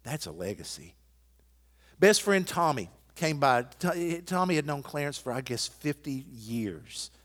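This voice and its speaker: A middle-aged male pastor preaching a sermon, telling stories and swinging from hushed to loud and emphatic. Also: mid-range voice, very animated, unhurried, in a large hall.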